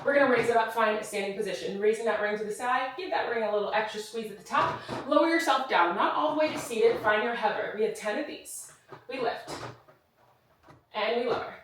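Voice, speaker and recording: A woman's voice: on the high side, brisk, fairly bright tone, slight background noise. Breathless woman coaching a reformer workout. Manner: encouraging, counts reps aloud. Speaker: Pilates instructor. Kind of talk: follow-along workout cueing. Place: studio with reformer machine. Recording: roomy echo, mic at a distance.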